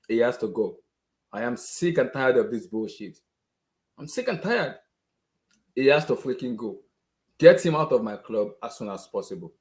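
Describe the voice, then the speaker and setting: A man's voice: medium pitch, darkish tone. A man, ranting as a football fan to camera, exasperated and repeating the same phrases over and over. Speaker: football fan channel host. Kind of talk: angry fan rant to camera.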